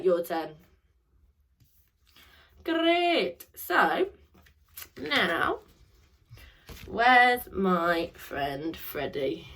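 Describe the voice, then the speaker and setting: A woman's voice: lowish voice, big pitch swings, drawn-out words, pauses often, fairly bright tone. A young woman teaching a phonics lesson to children, drilling sounds in call and response and praising each answer.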